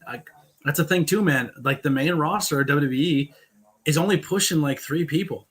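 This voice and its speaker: A man co-hosting a casual wrestling watch-along podcast, giving relaxed, opinionated takes in quick bursts. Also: fairly high pitch, slightly rough. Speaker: podcast co-host.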